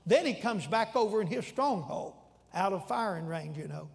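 A man preaching a sermon in a church, telling stories in a folksy, animated way with sudden shouts. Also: sits high, normal speed, vocal fry. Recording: long reverb in a large hall.

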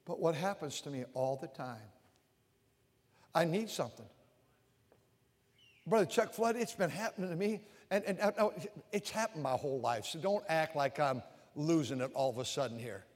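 An older male preacher giving a sermon, animated and repetitive, swinging from loud outbursts to hushed confessions. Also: fairly high pitch, moderate pace, pauses often. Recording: long reverb of a large hall.

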